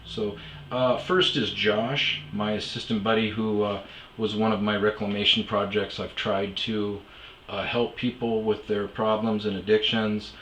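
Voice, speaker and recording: A man's voice: lowish voice, steady tone, measured pace, a bit bright, roomy sound, slight background noise, poor audio. A man casually telling rambling, profane stories as a podcast host, full of fillers and asides. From Omaha area. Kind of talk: casual storytelling monologue.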